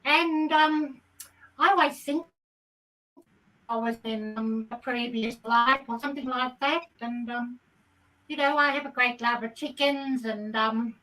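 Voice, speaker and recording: A woman's voice: fairly high pitch, unhurried, pushed and bright, far from the mic, soft background music, poor audio. P P Fowl, a woman doing a giddy hen. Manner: rambling, giddy, full of ums. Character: excitable chatty female hen. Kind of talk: comic character monologue.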